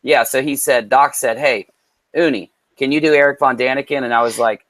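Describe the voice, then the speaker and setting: A man's voice: medium pitch, brisk, no room sound. A man co-hosting a live stream, chatting casually in a playful, joking way. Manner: joking, playful, animated storytelling. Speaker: co-host.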